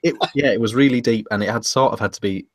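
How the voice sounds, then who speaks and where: A man's voice: mid-range voice, fast, no echo. A British man co-hosting a casual podcast chat, restarting his sentences and laughing often. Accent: British English. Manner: hesitant, repeats words and laughs often. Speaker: podcast co-host.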